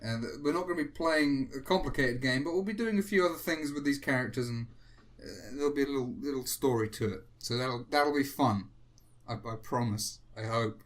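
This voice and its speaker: A man's voice: medium pitch, fairly quick. A man hosting a casual chat while drawing, rambling and self-mocking with frequent chuckles. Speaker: host.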